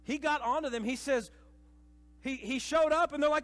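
A man preaching a sermon to a church congregation, dramatic, swinging between hushed and loud passages and acting out voices. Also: very high voice, normal speed. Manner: acts out quoted voices. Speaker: pastor. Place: church sanctuary. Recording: reverberant church hall.

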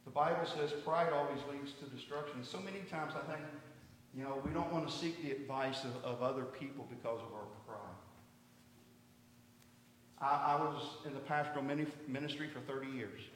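A man's voice: medium pitch, moderate pace, a bit bright, slight background noise. A middle-aged man preaching a sermon as pastor, earnest, often asking the congregation rhetorical questions. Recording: echoey hall from far off.

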